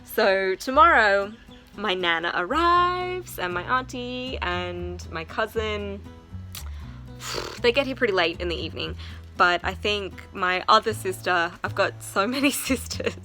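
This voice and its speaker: Young woman from south africa or australia, giggly excited vlog chat, bright voice, faint music behind. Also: medium pitch, unhurried. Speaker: vlogger.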